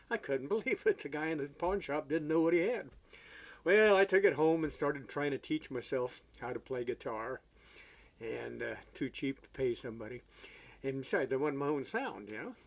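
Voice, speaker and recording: A man telling a story in a casual, folksy way, halting often with fillers, as an amateur songwriter and guitarist. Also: mid-range voice, animated.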